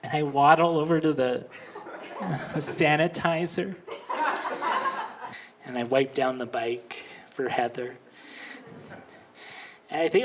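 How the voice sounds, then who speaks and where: A man doing a stand-up comedy set with awkward, self-deprecating, animated storytelling, on a handheld mic at a live show. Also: on the high side, slow, long pauses. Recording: live club recording with background noise.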